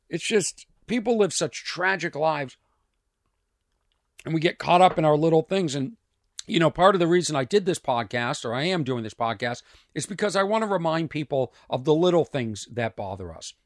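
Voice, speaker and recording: A man hosting a comedy podcast, talking over a news clip in a halting, reflective way with many restarts. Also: on the high side, no echo, studio quality. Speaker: podcast host. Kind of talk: casual commentary on a news clip.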